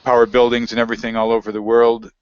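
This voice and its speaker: A man's voice: mid-range voice, monotone, fast, smooth. A man talking casually as an interview guest, rambling and reading aloud from web pages. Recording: dry, dull lo-fi audio.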